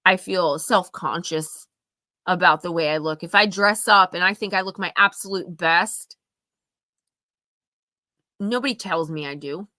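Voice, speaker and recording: A woman's voice: fairly low pitch, measured pace, long pauses, pushed and bright, no echo, clean studio sound. A woman hosting a live oracle card reading, giving earnest, emphatic advice straight to her viewers. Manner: earnest, emphatic, confiding, speaks to viewers directly.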